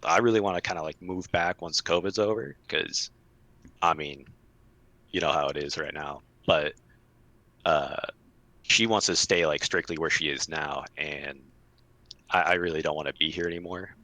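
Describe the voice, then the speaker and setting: A man's voice: a bass voice, normal speed, pauses often, sharp tone, no room sound. A man in his twenties from Florida, talking casually as a guest, hesitant and full of fillers. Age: 20s. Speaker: call-in guest. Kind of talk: casual chat.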